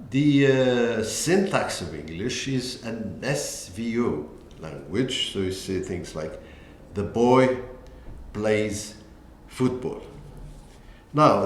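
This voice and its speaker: Slow, deliberate male teacher in an echoey room. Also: mid-range voice, very animated, slight background noise. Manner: deliberate, pausing often with "uh". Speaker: language teacher presenting a book. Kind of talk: slow lecture-style walkthrough. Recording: echoey room with faint ambience.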